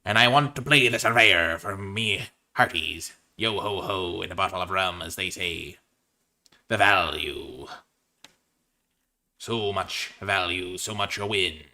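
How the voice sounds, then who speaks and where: A swaggering pirate captain growls out his "arr"s and "aye"s in a hearty, drawling sea-dog voice, as a man puts him on. The tone sits low and carries bright and forceful. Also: takes it slowly, pauses often, heavily acted.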